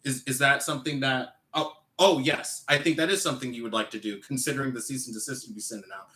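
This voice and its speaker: Guest voice: a man, bright and forceful, animated and indignant, recorded in an echoey room. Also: mid-range voice, fast. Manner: animated, reads text messages aloud, indignant asides. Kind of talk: casual podcast talk.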